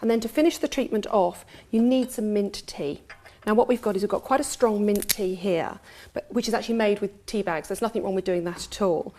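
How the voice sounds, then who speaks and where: A British woman presenting a beauty segment on television in a studio kitchen, brisk, upbeat and instructive as she demonstrates a home recipe step by step. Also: mid-range voice, warm tone, slight background noise.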